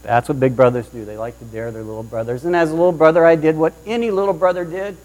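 A man preaching a sermon, opening with a lively personal story and acting out the voices of the people in it. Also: a little high, quick pace, rough recording. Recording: mains hum underneath.

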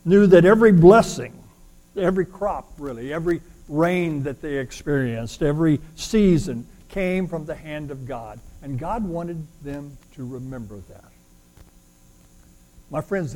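A male pastor delivering a sermon in a fairly high voice. He drives his points home with loud, ringing declarations, then drops back to softer, more intimate asides. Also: poor audio. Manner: emphatic, swings between loud declarations and quiet asides.

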